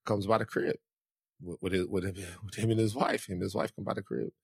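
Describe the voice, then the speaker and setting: Man, casual storyteller, animated, acts out other voices, dry close sound. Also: deep voice, fairly quick, creaky, breathy edge, no echo.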